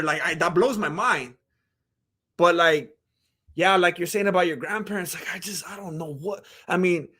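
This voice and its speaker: Man, high voice, animated, rambling, casual livestream chat. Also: breathy edge. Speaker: livestream host.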